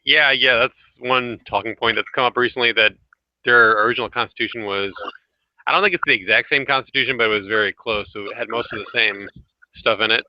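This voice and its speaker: A man hosting a casual online group chat, talking hesitantly with many filler pauses over a home computer mic. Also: mid-range voice, no room sound. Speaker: host. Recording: dry, muffled lo-fi audio.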